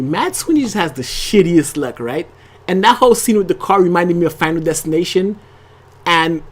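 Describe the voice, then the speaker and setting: A channel host talks through a TV episode in a loose, conversational way. The voice sits mid-pitch and moves at an ordinary pace. The delivery keeps circling back with asides and quick check-ins to the viewer. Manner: rambling and conversational, leaning on "like" and tag questions. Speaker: TV show reviewer and channel host. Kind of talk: casual episode review to camera.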